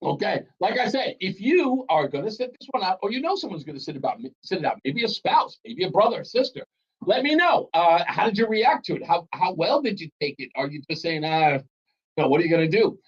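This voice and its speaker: A middle-aged male talk radio host with a high voice, bantering with callers and laughing often. The broadcast sound is dull and muffled. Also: big pitch swings, a little fast, breathy edge. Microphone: studio broadcast mic.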